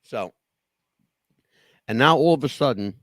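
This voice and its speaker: Man, podcast co-host, emphatic rambler, lively pitch, dry recording. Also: a little slow, no echo. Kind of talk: casual wrestling talk.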